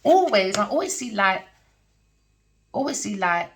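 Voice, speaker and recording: A woman with talks through a tarot reading, her pitch leaping around in a lively, sing-song way. She rambles and preaches in a blunt, casual manner, swears freely, and keeps checking whether you understand. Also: measured pace, background noise. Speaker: tarot reader. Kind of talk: casual spiritual monologue.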